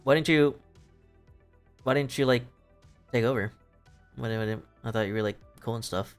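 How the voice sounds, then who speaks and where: A man's voice: mid-range voice, moderate pace, smooth, soft background music, natural voice. A man voicing a jealous rival general who schemes and sneers casually. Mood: scheming.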